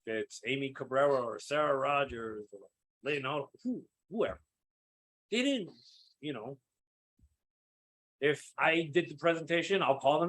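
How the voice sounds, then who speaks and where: A man leading a live sales coaching session, energetic and checking in with his listeners as he acts out sample calls. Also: mid-range voice, moderate pace, pauses often. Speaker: sales team trainer.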